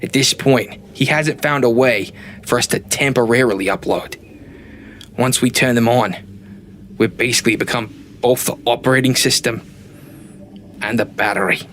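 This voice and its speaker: A man's voice: mid-range voice, normal speed, pauses often, fairly bright tone, a little hiss or hum, natural voice. A man doing a fretful male companion. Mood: serious.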